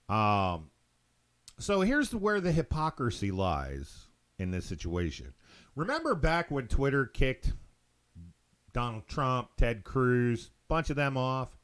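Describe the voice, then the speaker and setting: A man's voice: medium pitch, very animated, a little slow, a bit bright. A man hosting his own show, ranting opinions in a blunt, profane monologue, stumbling and repeating words. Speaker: show host.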